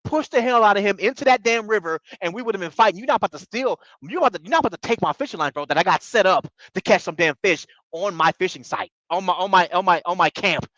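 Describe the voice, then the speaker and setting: A man recapping a reality show in casual commentary, talking excitably in slang and tripping over his words. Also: sits high, quick pace, few pauses, no room sound, lo-fi sound. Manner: excitable, slangy, repeats bro, stumbles.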